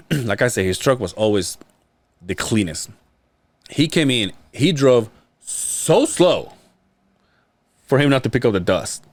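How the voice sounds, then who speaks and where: A man's voice: lowish voice, animated, normal speed, dry recording. A man hosting a podcast, telling rambling, profane work stories in casual chat and laughing often. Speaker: podcast host. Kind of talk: casual storytelling.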